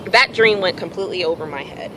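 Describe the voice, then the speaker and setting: A woman telling a personal story in a casual, animated way, acting out bits of dialogue and swearing freely. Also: lowish voice, quick pace, background noise. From Houston area, Texas. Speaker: vlogger.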